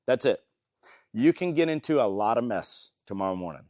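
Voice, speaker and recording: A man's voice: mid-range voice, animated, fairly quick, a little mellow, no echo. A man teaching a small Bible study group in a casual, folksy way, often asking the group questions.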